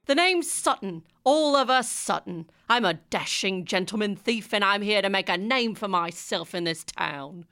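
A cheeky, dashing gentleman thief with a British-sounding accent, as a woman acts him out in a comic audio drama. His lively voice bounces up and down as he chatters breezily in slang. The sound is dry and close. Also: medium pitch, moderate pace, few pauses, clean tone, no echo. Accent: British-sounding put-on accent. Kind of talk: comedic audio drama acting.

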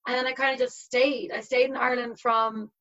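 A fairly high-voiced young woman in her twenties chats easily as an interview guest, filling her talk with little fillers. The recording sounds a bit dull and lo-fi. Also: level tone, fairly quick, fairly bright tone. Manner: chatty, uses many fillers. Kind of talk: casual conversation.

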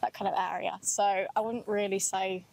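A woman's voice: medium pitch, little pitch movement, normal speed, darkish tone, slight background noise, low-quality recording. A young woman co-hosting a casual chat while walking outdoors on a campus, upbeat and talkative, often laughing and saying "like". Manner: chatty, upbeat, laughs often, says "like" a lot. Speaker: podcast co-host.

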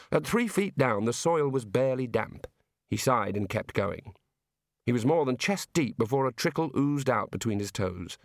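A man's voice: medium pitch, no room sound. Dry-voiced male audiobook narrator. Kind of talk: scripted narration.

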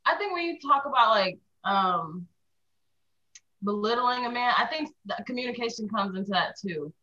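Young woman, candid and reflective, bright voice, dull lo-fi recording. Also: fairly high pitch, lively intonation, normal speed. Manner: reflective, candid about her own faults. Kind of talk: casual podcast chat.

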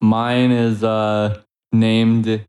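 A man's voice: fairly low pitch, level tone, extremely slow, darkish tone. A young man co-hosting a casual podcast, rambling with lots of fillers and frequent laughs, recorded on a cheap mic. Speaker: podcast co-host. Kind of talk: casual chat. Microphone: cheap microphone. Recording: echoey large room.

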